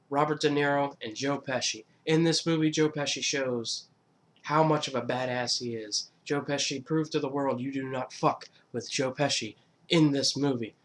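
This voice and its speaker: Male YouTuber, casual, mid-pitched, rambling and foul-mouthed, countdown host. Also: a bit bright. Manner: rambling, profane, fillers and restarts.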